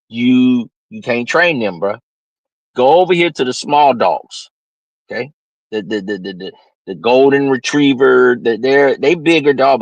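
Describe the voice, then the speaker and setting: This livestream host, a man with a medium-pitched, slightly nasal voice, rants unscripted with brash preachiness, lurching between loudness and muttered asides. The recording is low quality with no room sound.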